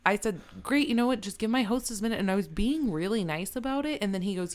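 A woman's voice: on the low side, fast, few pauses, a little mellow, clean tone. A woman who manages a restaurant, telling a story in a casual chat, swearing freely and laughing often.

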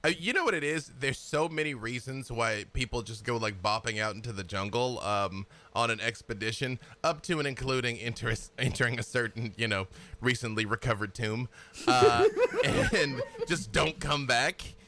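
A man's voice: mid-range voice, normal speed, a little hiss or hum. A man from Arkansas chatting casually about tabletop games, joking and laughing often. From Little Rock, Arkansas. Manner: animated, laughs often, jokey.

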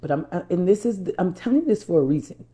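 Fast and lively in her intonation, a New Jersey woman with a fairly low, mellow voice tells viewers a personal story as a life coach. She speaks emphatically, repeats herself often and calls them y'all.

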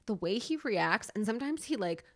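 A woman's voice: mid-range voice, brisk. A woman in her thirties co-hosting a podcast in casual chat, talking animatedly, laughing often and acting out her stories. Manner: animated, laughing, gestures with whole body. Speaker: podcast co-host.

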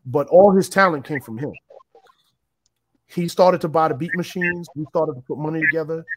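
This interview guest has a fairly high voice and a moderate pace, captured roughly with no room sound. He recounts his own story in a relaxed, reflective, meandering way, often starting sentences over.

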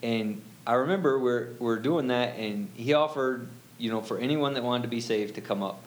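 A man's voice: mid-range voice, normal speed. A middle-aged man telling a personal story as an interview guest, rambling and full of "you know" fillers.

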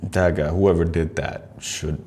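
A man with a very low, gravelly voice riffs profanely through clips and cuts in with mocking asides. He talks casually like a podcast host, with a faint hiss behind him. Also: fairly even intonation, measured pace, a little mellow.

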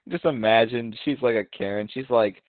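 A man's voice: mid-range voice, no room sound. A young man joins a casual chat as a guest, joking and acting out made-up lines. His voice comes through a thin, phone-like line with no room sound. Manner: joking, laughs, acts out imagined lines. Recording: tinny phone-like line, dry.

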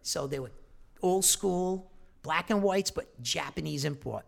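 A man's voice: fairly high pitch, unhurried, creaky. A man telling a long story in casual chat, profane and rambling.

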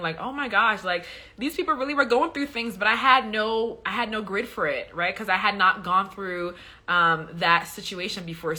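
Bright-voiced woman teaching on a livestream. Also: on the low side. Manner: chatty, many fillers, preachy emphasis with repeated "okay?". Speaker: faith livestream host answering viewer questions.

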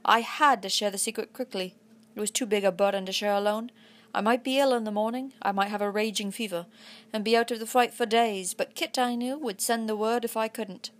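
A woman narrating a children's adventure story aloud in a put-on English accent, with a steady storytelling delivery. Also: medium pitch, fairly quick. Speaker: audiobook reader.

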